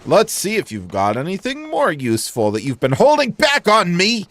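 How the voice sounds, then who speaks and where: A man's voice: sits high, huge pitch swings, moderate pace, a bit bright, no room sound. Wry man commenting on his gameplay. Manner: wry, joking asides. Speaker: gaming channel host. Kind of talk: casual let's play commentary.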